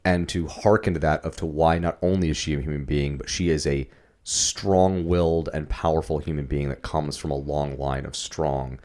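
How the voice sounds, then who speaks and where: A man's voice: extremely low pitch, fairly even intonation, normal speed, darkish tone. A man co-hosting a podcast, asking questions and thinking aloud about a film in casual chat. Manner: reflective, asks questions, thinks aloud with fillers. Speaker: podcast co-host.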